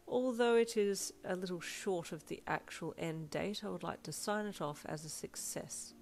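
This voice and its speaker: A woman's voice: on the low side, moderate pace, a little mellow, natural voice, rough recording. A woman voicing a middle-aged woman school principal who speaks in a restrained, matter-of-fact and wry way, as she reads a fan fiction aloud. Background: faint backing music.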